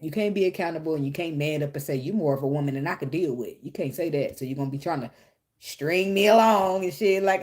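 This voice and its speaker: A woman's voice: mid-range voice, a little mellow, slight background noise. A woman giving a casual tarot reading, blunt and profane, who laughs often and talks straight to the viewer. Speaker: tarot reader.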